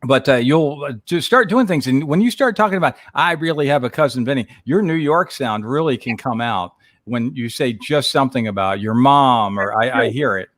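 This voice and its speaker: A middle-aged man co-hosting a casual livestream chat, animated and playful. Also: medium pitch, normal speed, few pauses, dry recording. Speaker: livestream co-host.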